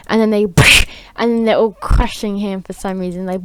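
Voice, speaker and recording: A woman's voice: mid-range voice, steady tone, moderate pace, hardly any pauses, background noise. A woman improvising a rambling story, full of fillers and restarts, on a close home mic. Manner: rambling, filler-heavy, giggly.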